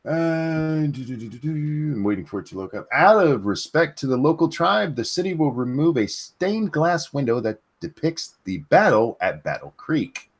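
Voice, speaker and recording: A man hosts a live stream and reads a news story aloud. His pitch swings widely, and he stumbles and corrects himself as he goes. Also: very animated, slightly rough. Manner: halting reading with restarts and self-corrections. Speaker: show host. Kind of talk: reading news stories on a livestream.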